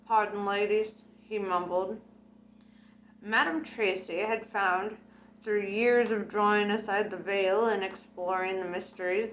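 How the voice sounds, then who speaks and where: A woman's voice: medium pitch, a little hiss or hum, rough recording. A young woman reading a novel aloud in a casual way, breaking off now and then to react to the story. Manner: chatty, breaks off to react and laugh. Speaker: audiobook reader.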